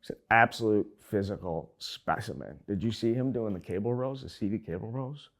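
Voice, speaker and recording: A man's voice: on the low side, expressive, normal speed. Male sports host, profane rant, fired up, winded. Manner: profane, heated ranting. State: out of breath. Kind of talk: ranting sports talk.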